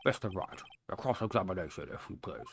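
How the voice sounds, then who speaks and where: A man playing a gravelly, pompous old judge. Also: low voice, lively intonation, fast talker, a little hiss or hum. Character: fussy, gullible elderly male judge. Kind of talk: fan voice acting over a game.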